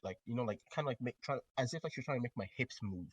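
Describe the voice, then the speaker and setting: A man's voice: medium pitch, animated, very fast, slightly rough, no room sound, dull audio. A young man co-hosting a casual podcast, telling a rambling anecdote full of fillers and acted-out quotes, close on a podcast mic. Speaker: podcast co-host. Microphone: close podcast microphone.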